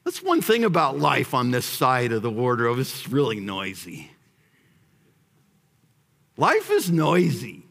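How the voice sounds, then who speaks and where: A man preaching a sermon as pastor, moving between hushed prayer and shouted emphasis and repeating phrases as he builds. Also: mid-range voice, wildly swooping pitch, slow, gravelly, long pauses. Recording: long hall reverb.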